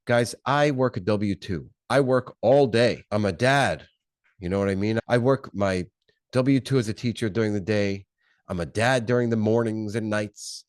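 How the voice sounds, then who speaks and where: Fired-up man with a low voice. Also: moderate pace, dry recording, studio quality. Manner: punchy, repetitive, fired-up delivery with rhetorical questions. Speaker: podcast host. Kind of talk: unscripted motivational monologue.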